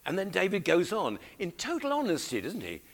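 A man's voice: sits high, wildly swooping pitch, a little fast, fairly bright tone. A man preaching a sermon, coaxing his congregation to read along with him. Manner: exhorting, coaxing the congregation to join in.

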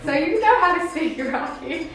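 A woman's voice: extremely high pitch, expressive, normal speed, fairly bright tone. A young woman sharing a personal faith testimony, rambling, with many fillers and restarts. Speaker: testimony speaker. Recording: echoey room from far off, faint noise.

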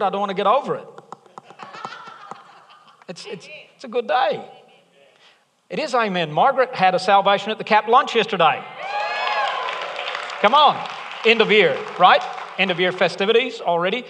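Aussie pastor guy, middle-aged, high bright voice, cracking jokes mid sermon, big hall echo. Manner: jokey, conversational preaching with rising emphasis. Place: church auditorium. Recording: long reverb of a large hall.

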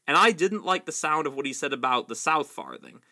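A homely hobbit speaks plainly and sounds uneasy in a storybook reading, as a man puts him on. The voice is bright and raised, louder than the narration. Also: on the high side, expressive, fairly quick, vocal fry, exaggerated voice. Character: homely, worried male hobbit gardener.

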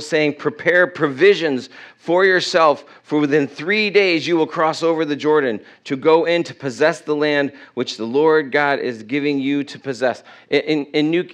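A middle-aged pastor delivers a sermon in church, his voice fairly high and fairly bright. He reads scripture aloud, correcting himself as he goes, and puts questions to the congregation.

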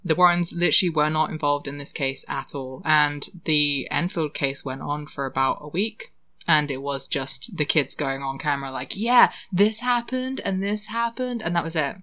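Animated English woman from London. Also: low voice, moderate pace. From England. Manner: animated, ranting, swears, laughs often. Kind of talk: casual chat.

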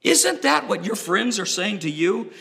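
A man's voice: high voice, sing-song, unhurried, gravelly, pushed and bright. A man preaching a sermon with dramatic delivery, acting out the voices he quotes. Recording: long reverb of a large hall.

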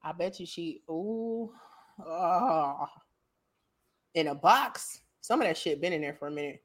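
A woman's voice: lowish voice, expressive, measured pace, no room sound. A woman co-hosting a podcast in casual chat, blunt and profane, breaking into laughter often. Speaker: podcast co-host.

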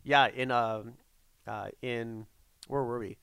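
A man's voice: medium pitch, fairly even intonation, slow, gravelly, fairly bright tone, clear, resonant tone, no room sound. A Canadian man in a casual chat, rambling through a travel story with lots of fillers.

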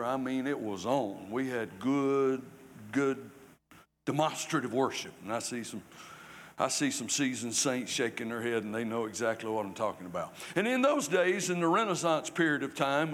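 A man's voice: mid-range voice, a bit bright. An older man from South Carolina, preaching a folksy, conversational sermon with humor in a church. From South Carolina, USA. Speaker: guest preacher. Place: church sanctuary. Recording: reverberant church hall.

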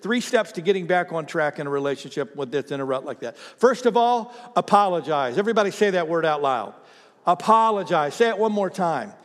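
A man's voice: on the high side, a little fast. A man preaching a sermon, telling stories with acted-out voices and calling on the congregation to respond. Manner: animated storytelling, acts out voices, asks the congregation to respond. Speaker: pastor. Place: church hall with congregation. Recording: reverberant hall.

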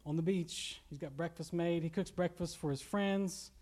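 A man's voice: a little high, moderate pace, a little mellow. A young man with a Kentucky accent preaching a casual sermon, joking and laughing as he retells a story. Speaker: pastor.

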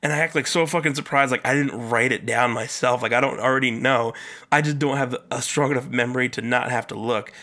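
A man hosting a solo podcast, talking in a casual, rambling way with lots of fillers and swearing, and jumping up in pitch for emphasis. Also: fairly quick. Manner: animated, jumps up in pitch for emphasis. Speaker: podcast host.

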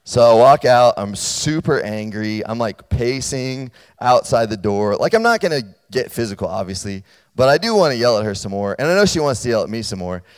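Speaking in a clean, mid-range voice and at a brisk pace, a man delivers a sermon to college students in a casual, storytelling way, pausing to check in with them. His personal anecdote makes him grow loud and animated, all heard through long hall reverb.

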